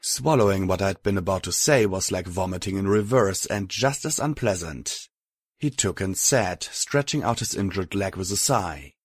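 Husky low-voiced male audiobook narrator. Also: moderate pace, no room sound, studio quality. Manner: steady first-person reading.

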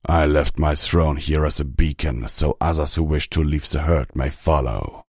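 A man's voice: rumbling low, moderate pace, no room sound. A man voicing a weary, defiant old male pony demigod who speaks in a dry manner.

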